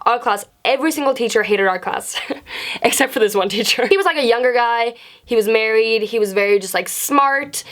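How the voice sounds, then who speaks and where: A young woman with a fairly high voice tells a casual storytime. She is animated and rambling, swears freely and fills her talk with "like". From Sweden. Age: young adult. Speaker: vlogger.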